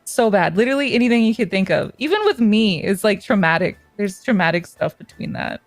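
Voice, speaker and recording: A woman's voice: medium pitch, expressive, a little fast, dry recording, faint music behind. A young woman streamer chatting casually, telling stories with many fillers and frequent giggles. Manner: giggly, storytelling with lots of "like". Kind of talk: casual chat.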